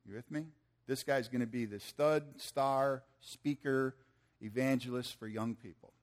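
A man's voice: medium pitch, a little slow. A middle-aged man preaching, telling a folksy story and acting out the people in it. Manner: folksy, animated storytelling with acted-out quotes. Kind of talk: sermon storytelling.

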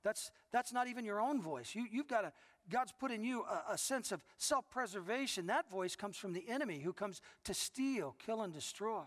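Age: middle-aged. Sex: man. Role: pastor. Style: sermon, earnest storytelling with frequent restarts. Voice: high-pitched. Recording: long reverb of a large church hall. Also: expressive, moderate pace, fairly bright tone.

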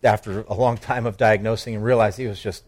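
A man's voice: fairly low pitch, steady tone, brisk, a little mellow. A male pastor preaching an earnest sermon on a psalm, asking his congregation questions.

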